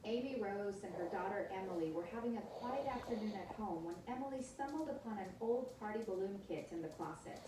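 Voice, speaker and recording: A woman's synthetic voice assistant telling a story as a scripted narration, in an even, upbeat, smooth delivery. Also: mid-range voice, a little fast, hardly any pauses, distant mic, noisy background. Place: room with a smart speaker. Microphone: speaker recorded from across the room. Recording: echoey room, smart speaker heard from afar.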